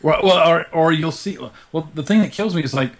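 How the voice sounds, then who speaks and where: A young man co-hosting a casual podcast chat, talking in an animated way and acting out little quotes as he goes. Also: on the high side, a little fast. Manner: chatty, animated retelling with put-on quotes. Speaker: podcast co-host.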